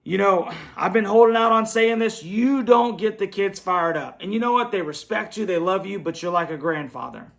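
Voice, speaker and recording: A man's voice: sits high, moderate pace, vocal fry, few pauses, a bit bright. A man hosting a fan show, ranting bluntly and repetitively in frustration after a loss, speaking from his computer at home. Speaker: sports fan show host. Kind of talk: angry post-game rant. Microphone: computer setup.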